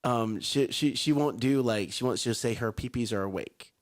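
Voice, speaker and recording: A man co-hosting a morning talk show, giggly and animated as he chats about family life. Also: mid-range voice, normal speed. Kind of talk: casual chat.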